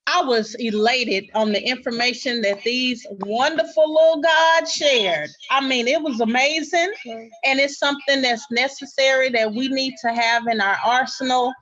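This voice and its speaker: A woman's voice: sits high, moderate pace, fairly bright tone, dull audio. A woman instructor joining a video call, enthusiastic and full of praise. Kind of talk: casual chat.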